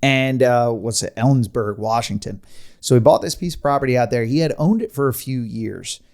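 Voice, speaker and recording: A man hosting a podcast, telling a story in casual chat with animated delivery, rambling asides and frequent laughs. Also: medium pitch, normal speed, vocal fry. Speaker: podcast host.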